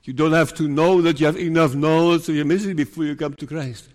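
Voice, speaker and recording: A man preaching a sermon in a slow, earnest way, sometimes voicing the worries of troubled believers. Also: fairly high pitch, steady tone, a little mellow. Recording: long reverb of a hall.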